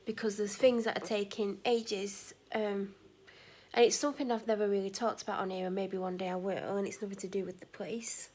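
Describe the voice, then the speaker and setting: A woman's voice: medium pitch, little pitch movement, fairly quick, darkish tone. A tired woman vlogging in casual, meandering chat, correcting herself and sometimes dropping almost to a whisper. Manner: meandering, self-correcting, drops to near-whispers at times. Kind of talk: casual rambling vlog chat.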